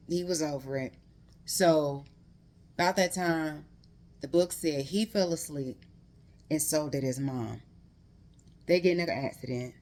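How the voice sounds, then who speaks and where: A woman in her thirties casually recapping a book to viewers, emphatic and heated, talking straight to the audience. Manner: emphatic, heated storytelling that rises in pitch when worked up; conversational, addresses viewers directly. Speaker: book reviewer.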